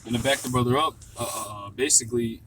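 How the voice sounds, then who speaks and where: A man's voice: medium pitch, fast talker, distant mic, noisy background. A man in a casual discussion who reads passages aloud and halts often with fillers. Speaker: discussion participant.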